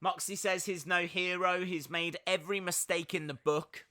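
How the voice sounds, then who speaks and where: A man's voice: sits high, steady tone, moderate pace, bright, forceful tone. A young man hosting a casual live wrestling watch-along, chatty and upbeat with lots of fillers, reading out viewer messages. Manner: chatty, upbeat, many fillers, reads out chat. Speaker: live-stream reaction host.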